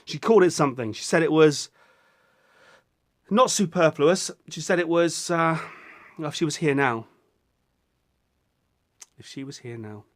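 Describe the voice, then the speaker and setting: A man's voice: a little high, normal speed, pauses often. A man, rambling through a casual vlog in a goofy way, swearing often and breaking into silly voices. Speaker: vlogger.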